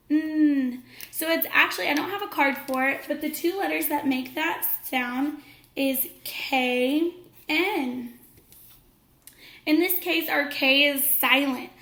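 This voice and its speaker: Woman, teacher, high voice, phonics lesson for kids, encouraging, echoey room. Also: bright, forceful tone. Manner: slow, clear, encouraging classroom delivery. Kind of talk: phonics lesson for young children.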